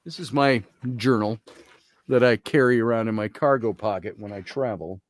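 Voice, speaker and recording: A man guest, an Egyptologist, telling a story in conversation, animated and quoting others, and slowly reading aloud from a journal. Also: lowish voice. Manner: animated storytelling with quoted voices.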